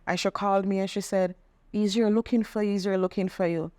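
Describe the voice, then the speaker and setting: A middle-aged woman, telling a personal testimony in conversation, earnest and animated when she quotes others. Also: mid-range voice, a little fast, dry recording. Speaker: podcast guest sharing testimony.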